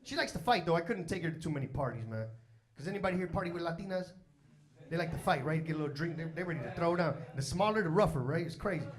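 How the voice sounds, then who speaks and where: A man's voice: a little high, fast talker. A man in his forties from Chicago's South Side doing a stand-up comedy set, telling stories and acting out the people in them. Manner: animated storytelling, acting out characters. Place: comedy stage before a live audience. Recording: loud crowd laughter throughout. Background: audience laughter.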